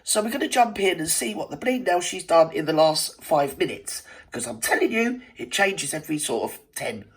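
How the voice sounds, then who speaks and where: A woman's voice: on the low side, sing-song, moderate pace, hardly any pauses. Chatty woman with a cold. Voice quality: stuffy, cold-affected voice. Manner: chatty, cheeky and theatrical, with lots of asides to viewers. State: has a cold. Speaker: reaction video host. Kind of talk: casual gossipy commentary to camera.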